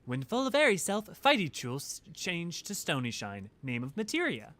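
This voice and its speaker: A man's voice: a little high, huge pitch swings, normal speed, a bit bright, pitched above the performer's own voice. A man voicing an eager male goblin scholar who speaks in clipped, broken grammar. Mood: excited.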